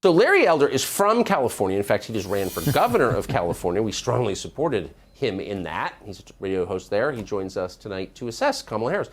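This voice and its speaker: A man's voice: fairly low pitch, big pitch swings, quick pace, hardly any pauses. A man hosting a cable news segment, delivering a sardonic, incredulous monologue. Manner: sardonic, incredulous, swooping emphasis. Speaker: TV news host.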